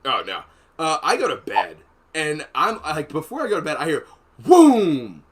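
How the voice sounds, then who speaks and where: A man's voice: a little high, huge pitch swings, brisk, pushed and bright. A man hosting a podcast, telling long profane stories in a rambling, casual way and laughing between them. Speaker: podcast host. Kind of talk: casual storytelling chat.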